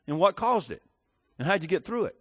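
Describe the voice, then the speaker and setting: A middle-aged pastor, preaching with a slightly high voice. He talks in a folksy, rambling way, often breaking off and starting his sentences again. The recording is dry and close. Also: very animated, brisk, fairly bright tone, dry recording. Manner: folksy, rambling, hesitant with many restarts. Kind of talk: sermon.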